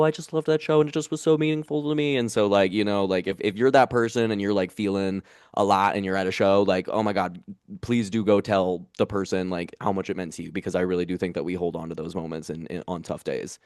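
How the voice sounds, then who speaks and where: A man telling a heartfelt story in a casual podcast chat, animated and full of fillers. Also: deep voice, fairly quick, dry recording, clean studio sound. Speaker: comedian guest.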